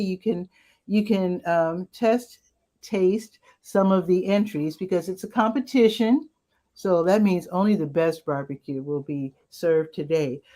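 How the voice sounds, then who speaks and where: A woman's voice: on the low side, a little mellow. A woman hosting a casual rundown of local weekend events, chatty and upbeat with asides, her voice cracking now and then. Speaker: community events host.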